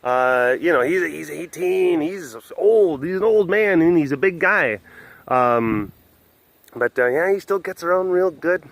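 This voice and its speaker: A man's voice: a little high, lively intonation, unhurried, dry recording. Rambling man hosting an outdoor webcast. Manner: rambling, filler-heavy, many restarts. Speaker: vlog host. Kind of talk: casual walk-around webcast. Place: outdoor wild animal facility.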